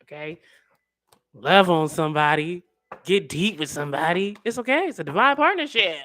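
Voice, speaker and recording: A woman giving a casual tarot reading in an animated way, full of slang, acting out the voices she quotes. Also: lowish voice, moderate pace, slight background noise. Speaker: tarot reader.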